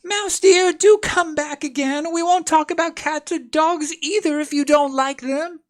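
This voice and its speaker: A man voicing a polite, eager little girl in a high, halting voice with stammers. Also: fairly even intonation. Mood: coaxing.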